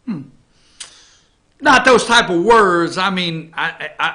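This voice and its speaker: A man's voice: sits high, expressive, slow, bright, forceful tone. A man hosting an opinion talk show from an office, blunt and sarcastic with rambling asides. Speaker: host. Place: office studio.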